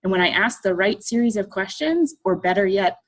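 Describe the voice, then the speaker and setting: A middle-aged woman artist giving a humorous talk, telling a personal story to an audience in a lively, self-deprecating way and acting out the people in it. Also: mid-range voice, brisk.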